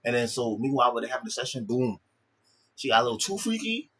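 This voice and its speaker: A man with a husky, breathy edge to his voice talks at a middling pitch as he recaps a film for his viewers. His delivery is loose and casual, full of slang and swearing, and he keeps repeating himself and restarting lines as he goes. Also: big pitch swings, fast, fairly bright tone. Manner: loose, slang-heavy retelling with frequent swearing and filler. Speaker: vlogger.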